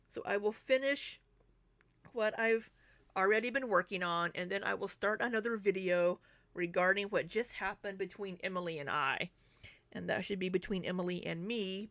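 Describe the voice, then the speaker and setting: A woman's voice: medium pitch, a bit bright, no echo. A young adult woman talking through drama in a casual, rambling vlog, full of ums and asides. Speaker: commentary YouTuber.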